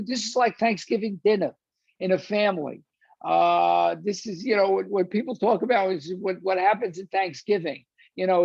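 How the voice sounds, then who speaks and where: A man's voice: high-pitched, gravelly, no echo, dull audio. An older man giving a rambling, informal lecture on a film, full of "uh"s and restarts, and acting out scenes as he retells them.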